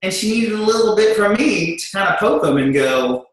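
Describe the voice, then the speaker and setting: A high-pitched male voice at normal speed comes through poor, very echoey audio. A middle-aged man bluntly shares with an audience how he and his wife work together in business, animatedly acting out their exchanges.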